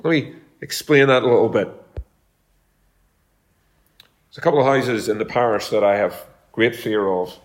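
A man's voice: mid-range voice, a little slow, pauses often. A man preaching a sermon as pastor, talking in a conversational way and telling homely stories. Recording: echoey room.

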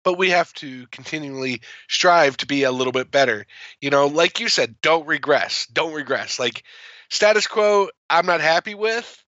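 A man's voice: fairly high pitch, moderate pace, sharp tone, no echo, highs cut off. A man co-hosting a podcast, chatting casually about politics, rambling and repeating words. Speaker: podcast co-host.

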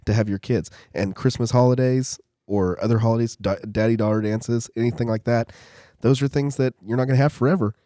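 A man's voice: medium pitch, fairly even intonation, fairly quick, few pauses, warm tone, no room sound. Middle-aged male host, rambling and chatty, dry close sound. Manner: rambling, storytelling with quoted voices. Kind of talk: casual chat.

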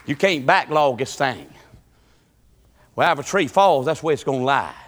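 A man preaching a sermon in a church, swinging from loud shouts to low, quiet talk. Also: lively intonation, normal speed, long reverb tail, slight background noise. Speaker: pastor. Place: church sanctuary.

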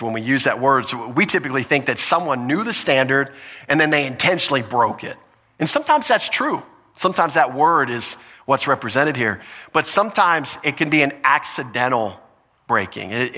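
A man's voice: mid-range voice, bright, forceful tone, in a large hall. A man preaching a sermon as pastor, earnest and teaching, often restarting his phrases.

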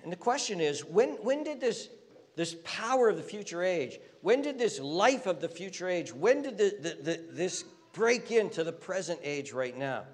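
A man preaches a sermon in earnest, often restarting his phrases and climbing higher when he drives a point home. His voice sits fairly high. A long reverb trails each phrase, as in a large church hall. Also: big pitch swings, normal speed. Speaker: pastor.

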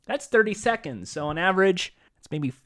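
A man co-hosting a casual talk show, chatty and animated, explaining things and slipping into voices. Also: high voice, fairly quick, dry recording, clean studio sound. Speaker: podcast co-host. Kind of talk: casual chat.

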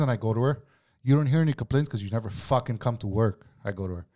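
A man's voice: medium pitch, quick pace, dark tone. A man in a casual podcast chat, swearing freely and acting out both sides of an argument. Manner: profane, heated storytelling. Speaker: guest telling a work story.

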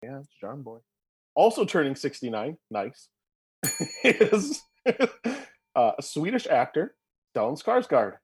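A man's voice: fairly high pitch, big pitch swings, slow pace, long pauses, a little mellow, husky. A man in his forties co-hosting a casual podcast chat, reading out birthdays with jokey asides. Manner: jokey, reads listings with asides.

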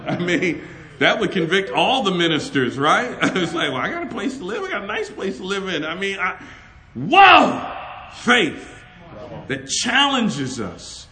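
A middle-aged man preaching a sermon, loud and animated, telling stories and laughing between them. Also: sits high, a little fast. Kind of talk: lively storytelling sermon.

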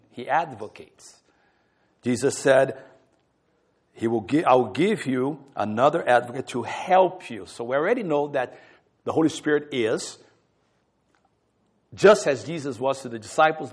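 A man preaching a sermon in a church, emphatic, swinging between loud stressed words and soft drops. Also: mid-range voice, slightly rough. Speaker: counselor.

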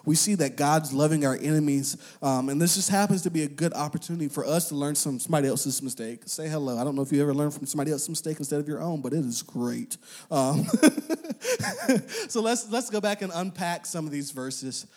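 A man's voice: on the high side, fast. Casual young male preacher. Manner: conversational, uses slang and filler words; animated, acts out quoted voices. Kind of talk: casual sermon.

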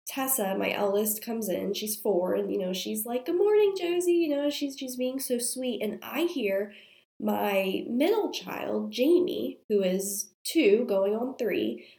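A woman's voice: mid-range voice, slow, gravelly, warm tone. A young woman who is sick and has a strained voice, chatting casually to viewers as a mom and telling a story with many fillers. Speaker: mom vlogger. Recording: roomy echo.

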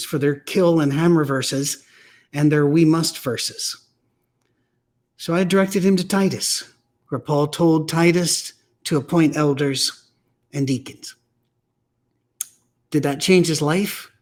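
A man giving a weekly preaching message, telling stories in a blunt, emphatic, conversational way. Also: fairly high pitch. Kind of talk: weekly message on church teaching.

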